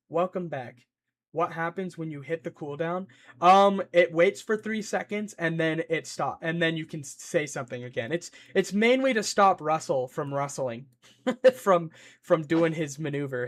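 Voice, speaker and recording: A young man streaming live, thinking out loud as he codes and answering his chat in a rambling, playful way. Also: fairly high pitch, normal speed.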